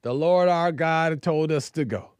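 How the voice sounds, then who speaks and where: A man's voice: fairly high pitch, unhurried, darkish tone, smooth, no echo, clean studio sound. A man host casually retelling a story in slangy, everyday speech.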